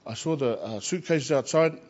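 A man, a Christian chaplain, telling lively personal stories and acting out the voices of the people in them. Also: mid-range voice, moderate pace, muffled recording. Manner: animated anecdotes, acts out quoted voices. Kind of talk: personal storytelling.

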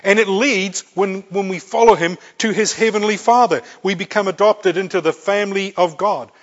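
A man's voice: high-pitched, fairly even intonation, moderate pace. A man preaching a sermon, earnest and repeating key phrases for emphasis. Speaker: pastor. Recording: dull lo-fi recording.

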